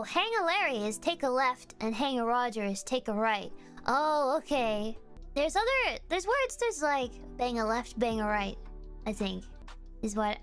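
High, bouncy playful woman streamer. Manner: playful and giggly, reading out a list to chat. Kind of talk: casual livestream chat.

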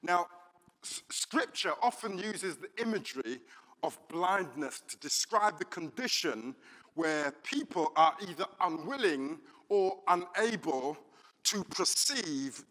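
A man, a pastor preaching a sermon in a church and telling the story in an animated way, with many fillers. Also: a little high. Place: church hall. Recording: reverberant church hall.

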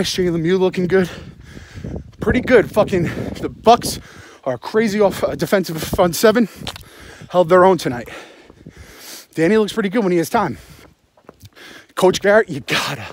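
Breathless young male fan, raspy and high-voiced, swearing through a rambling phone rant on the run. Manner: rambling, sarcastic, heavy swearing. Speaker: sports podcast host. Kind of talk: profane postgame rant while jogging. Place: outdoors at night, running in the cold.

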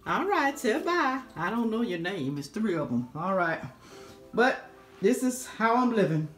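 Chatty older woman, echoey home room. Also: on the low side. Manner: chatty, talks to viewers as "y'all". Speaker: cooking channel host. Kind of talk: casual home-tour vlog chat. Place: craft room in her home, indoors. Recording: echoey room with faint music.

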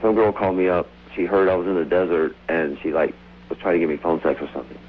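A man calling in to a radio show, telling rambling, excited stories over the phone. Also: low-pitched, fast talker. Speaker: caller. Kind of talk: casual phone-in storytelling. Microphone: telephone. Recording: tinny phone line.

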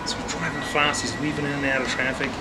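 A man casually telling a joke in a relaxed storytelling manner, over loud crowd noise. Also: fairly high pitch, quick pace, recorded from a distance.

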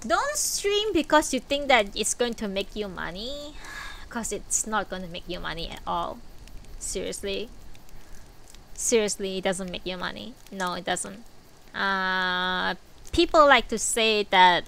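A woman streamer chatting casually on a live stream, blunt and dry, swearing freely and low on energy. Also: lively intonation, a little slow, creaky, a bit bright, a little hiss or hum.

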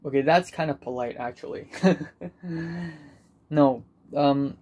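A man's voice: mid-range voice, slow pace, long pauses, darkish tone. A young man talking in an anxious, self-deprecating ramble with many repetitions in a personal video diary. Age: young adult. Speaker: vlogger.

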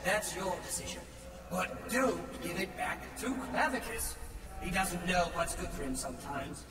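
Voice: medium pitch, measured pace, music in the background, natural voice. A voice actor playing a weary, wry talking dog companion in a video game, speaking bluntly and offhandedly. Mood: warning. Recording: noisy, echoey, distant game audio.

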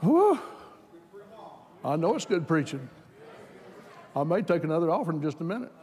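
A man preaching a sermon, moving from plain talk to loud, fervent exhortation. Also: expressive, fast talker. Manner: builds from plain talk to shouted, high-pitched fervor. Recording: hall reverb.

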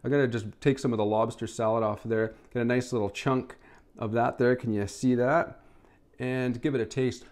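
A man reviewing food on camera in a casual, enthusiastic way, humming with pleasure while he eats. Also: moderate pace. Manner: enthusiastic, lots of mmm sounds while eating; chatty with his pet in a high, excited voice.

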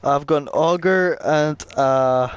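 A man's voice: fairly high pitch, slow. An easygoing, self-mocking man chatting with friends during an online game. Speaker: gamer. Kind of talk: casual game chat.

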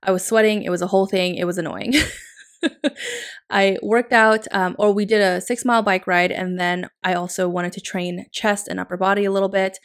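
A woman vlogger chatting casually in a voice-over about decorating her planner, upbeat and quick to laugh. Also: mid-range voice.

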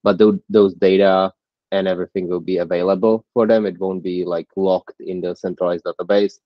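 A low-voiced man asks questions haltingly, pausing to search for words. His audio is completely dry and dull, like a lo-fi call. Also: flat delivery, no echo. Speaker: discussion host. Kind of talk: casual interview questions.

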